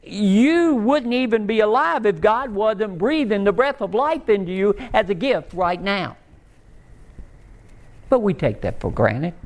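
High-voiced male pastor preaching. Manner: swings between raised pleading and soft low storytelling. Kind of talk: sermon.

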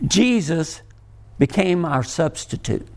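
A man delivers a sermon in a fairly high, gravelly voice. His pitch swings widely as he presses each point home, slow and emphatic. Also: sing-song, a little mellow. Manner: slow, emphatic preaching with rising and falling emphasis. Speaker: pastor.

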